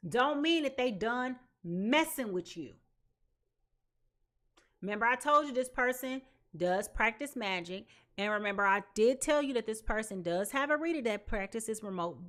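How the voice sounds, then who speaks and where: A woman giving a live tarot reading, chatty and slangy, talking straight to her viewers and swinging between loud and soft. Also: high-pitched. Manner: chatty and slangy, addresses viewers as y'all and child. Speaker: tarot reader.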